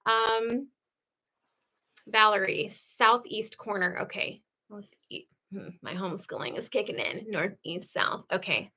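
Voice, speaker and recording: Chatty bright-voiced woman hosting a livestream. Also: medium pitch, measured pace, slightly rough. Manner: chatty, laughs often, lively asides. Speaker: livestream host. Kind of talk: casual livestream chat, reading viewer comments. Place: home.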